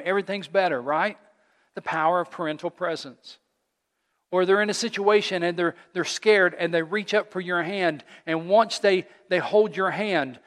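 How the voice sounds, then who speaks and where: Man preaching in a reverberant hall. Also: high-pitched. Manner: earnest preaching, rising to loud call-and-response. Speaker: pastor. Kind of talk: sermon. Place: church sanctuary.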